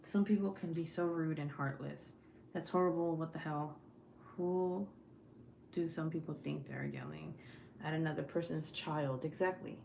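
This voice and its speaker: A young woman hosts a casual livestream from home, chatting bluntly and swearing freely. Her voice sits a little low. The room is echoey, with faint noise in the background. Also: fairly even intonation, moderate pace, vocal fry, darkish tone. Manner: blunt, profane and talkative. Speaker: livestream host. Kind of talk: casual chat with live viewers. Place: home, at night.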